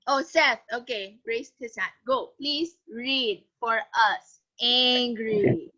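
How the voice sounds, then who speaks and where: A woman's voice: fairly high pitch, slow. A woman teacher, leading an online class and coaxing students to speak up. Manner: encouraging, animated, coaxing students. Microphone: video call. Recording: muffled lo-fi online class audio.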